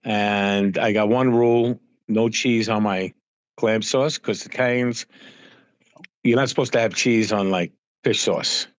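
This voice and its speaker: A man's voice: lowish voice, steady tone, measured pace, no room sound. A man guesting on a podcast, telling casual anecdotes and acting out the dialogue in them. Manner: acts out dialogue in stories, many fillers.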